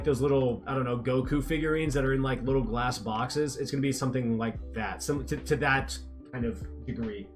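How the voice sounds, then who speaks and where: Rambling young man streaming games. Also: medium pitch. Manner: rambling, playful, reads chat aloud and teases viewers. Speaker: livestreamer. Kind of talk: casual livestream chat while gaming.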